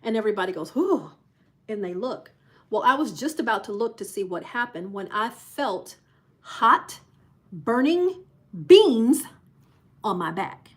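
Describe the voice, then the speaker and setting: A woman's voice: mid-range voice, expressive, normal speed, fairly bright tone. A woman hosting a live cruise show tells a story in a casual, chatty way. She acts out the voices of the people she quotes. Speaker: cruise channel host.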